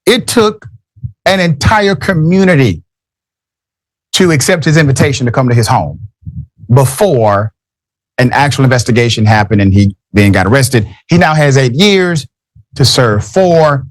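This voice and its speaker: A man's voice: medium pitch, expressive, a little slow, no echo. A man hosting a radio talk show, giving emphatic commentary with wry asides into a studio microphone.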